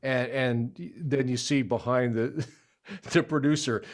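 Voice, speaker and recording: Brief: male trumpeter co-host, casual storyteller, animated, laughs often, mid-range voice. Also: mid-range voice, unhurried. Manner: animated, laughs while telling stories.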